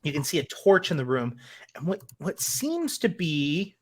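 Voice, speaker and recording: A woman running a tabletop game as game master, narrating with halting pauses and fillers. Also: low voice, very animated, darkish tone, slightly rough.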